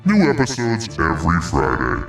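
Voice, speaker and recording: Satan in a comedy ad spot, smug and salesy, played by a man. His low voice swings widely up and down as he pitches. It sounds echoey and far from the mic. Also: wildly swooping pitch, normal speed, creaky, fairly bright tone, soft background music, full character voice. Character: boastful male Satan pitching a podcast ad. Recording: echoey room, from a distance.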